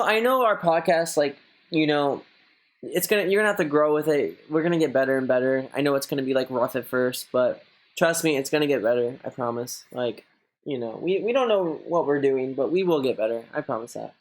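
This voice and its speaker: A man's voice: expressive, normal speed. A young man reading out viewer messages on a live stream and chatting back casually, rambling and swearing a lot. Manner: mocks a high gushing voice when quoting others.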